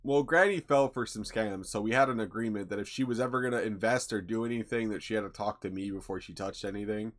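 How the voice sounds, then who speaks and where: A man's voice: fairly low pitch, quick pace, hardly any pauses. A young man hosting a livestream, chatting casually in a rambling, laid-back way with lots of fillers and swearing. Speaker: livestream host.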